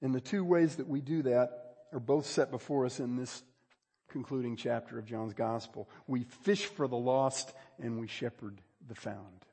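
A pastor preaching a sermon, moving between quiet asides and loud, drawn-out emphasis. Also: male voice, medium pitch, steady tone, husky, long reverb tail. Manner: dynamic preaching, swings from hushed to loud emphasis.

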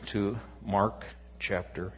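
Slow-preaching man in a reverberant hall. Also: lowish voice, fairly even intonation, a little hiss or hum. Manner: slow, swells from quiet to loud emphatic calls. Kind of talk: sermon.

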